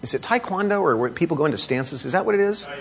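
Speaking fast with lively intonation, a middle-aged pastor reads scripture and explains it, asking rhetorical questions and raising his pitch for emphasis. His voice is creaky with a fairly bright tone, and there's slight background noise.

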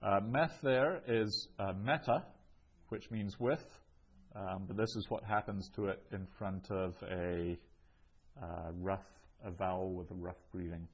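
A man's voice: low-pitched, fairly even intonation, a little slow, breathy edge, dull audio. A man teaching a language lesson, reading each phrase twice before translating it, with frequent ums. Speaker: Greek teacher. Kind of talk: slow explanatory language lesson.

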